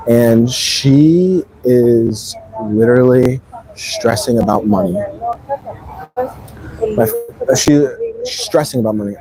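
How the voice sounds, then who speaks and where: A man's voice: mid-range voice, warm tone, low-quality recording. A man vlogging, telling a personal story in a rambling, emphatic way full of slang. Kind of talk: casual storytelling.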